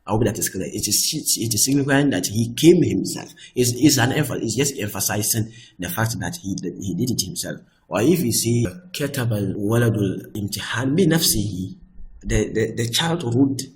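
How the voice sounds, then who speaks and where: A man's voice: lowish voice, poor audio. Man teaching grammar patiently. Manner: repeats "I hope that is clear", explains patiently step by step; slips between English and Arabic example sentences. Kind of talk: recorded grammar lesson.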